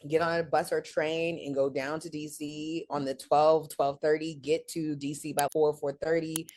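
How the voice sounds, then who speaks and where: A woman guest in a casual interview, telling her career story in an animated way and acting out the people she quotes. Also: deep voice, moderate pace, slight background noise.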